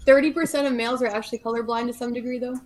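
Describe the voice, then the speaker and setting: A woman's voice: on the high side, fairly even intonation, rapid-fire. A woman co-hosting a podcast, speaking matter-of-factly in casual chat. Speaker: podcast co-host.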